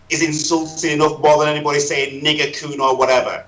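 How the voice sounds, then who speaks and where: Male guest, slightly high, bright tone, frank and emphatic talker. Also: fairly even intonation, brisk, few pauses, rough recording. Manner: emphatic, opinionated. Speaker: podcast guest. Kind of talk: frank casual conversation.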